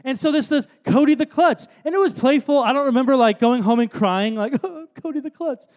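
A man's voice: extremely high pitch, a little fast, a little mellow. A man, giving a casual, storytelling sermon full of fillers and self-deprecating asides. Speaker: speaker at a worship event.

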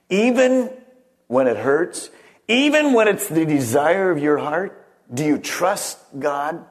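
Preaching to his congregation, a middle-aged pastor moves between emphatic, raised lines and quieter, hushed moments, putting questions straight to the listeners. His voice sits on the high side.

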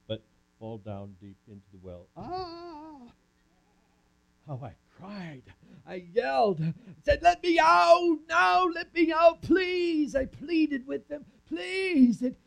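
A man's voice: fairly high pitch, a little mellow. A man giving a first-person dramatic monologue as a camp speaker, talking with an audience volunteer in a theatrical way. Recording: muffled lo-fi recording.

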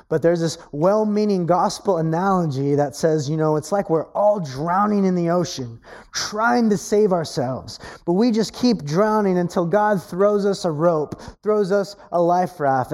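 Woman giving a sermon, warm mellow voice, says stuff twice for punch, pitch jumps around. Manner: emphatic, repeats key phrases, swings between low and high pitch. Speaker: preacher.

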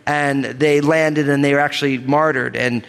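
A man preaching a sermon as pastor, animated and joking, calling the congregation for amens. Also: medium pitch, moderate pace, creaky, clean tone. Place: church sanctuary. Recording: long reverb of a church hall.

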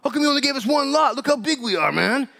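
A man voicing spoiled, entitled young men complaining in a high whine. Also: expressive, fast talker, vocal fry, pushed and bright, exaggerated voice. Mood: whining.

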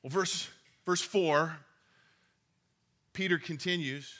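A male pastor preaches in a relaxed, conversational storytelling manner. His voice is bright and forceful, and it sits a little high for a man. He reads scripture and retells stories as though chatting with his listeners. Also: takes it slowly. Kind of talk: sermon.

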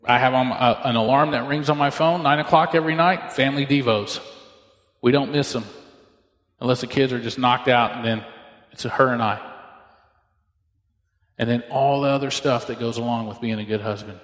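A man's voice: medium pitch, steady tone, normal speed, long pauses, fairly bright tone. A male pastor preaching a sermon, telling stories and acting out the dialogue in different voices. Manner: storytelling, acts out dialogue with shifting voices. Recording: echoey hall with long reverb.

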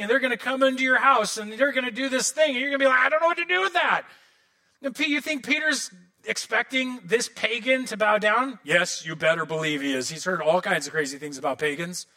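Pastor, male, high and bright tone, animated sermon storytelling with comic asides.

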